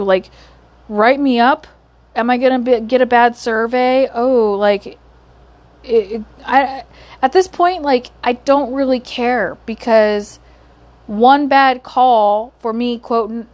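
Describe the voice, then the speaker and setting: Brief: young woman, fairly high voice, heated and profane, ranting vlog about her call center job. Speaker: call center agent venting.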